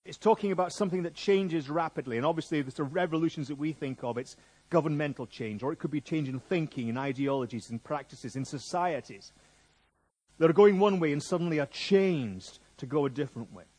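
A middle-aged man preaching a sermon in a jokey, conversational, lively way. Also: on the high side, fairly quick, breathy edge.

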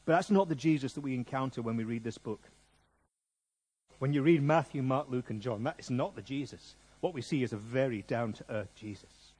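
A middle-aged man preaching a sermon in a jokey, conversational, lively way. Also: mid-range voice, breathy edge.

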